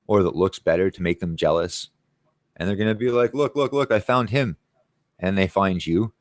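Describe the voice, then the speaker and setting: Low-voiced man telling a profane story. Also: no room sound. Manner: profane, rambling, quotes people in raised voices. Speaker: channel host. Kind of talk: casual storytelling monologue.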